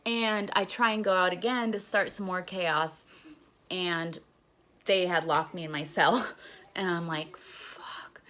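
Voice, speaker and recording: A woman's voice: on the low side, fairly even intonation, unhurried, pushed and bright, slight background noise. A young woman casually telling a story on her vlog, candid and profane, retelling events with animation. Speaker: vlogger.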